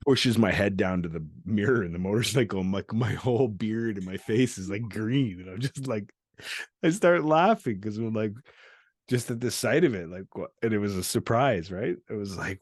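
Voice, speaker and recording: A deep, low-pitched middle-aged man from Canada rambles through a story with frequent laughter and profanity. He acts out the voices of the people he quotes. The recording is dry and close. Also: animated, brisk, husky, no echo. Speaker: podcast host. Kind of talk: candid storytelling chat.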